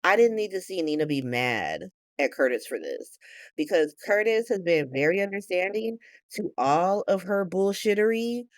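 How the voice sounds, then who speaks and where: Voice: mid-range voice, very animated, moderate pace, dry recording, studio quality. A host giving a casual, chatty recap of a soap opera, blunt and sometimes profane.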